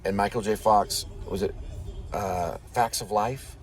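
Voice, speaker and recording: A man's voice: fairly low pitch, measured pace. Chatty man talking in a noisy car. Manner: rambling, chatty, jokey. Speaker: vlogger, driving along with his wife. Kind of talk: casual chat in a car. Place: inside a moving car.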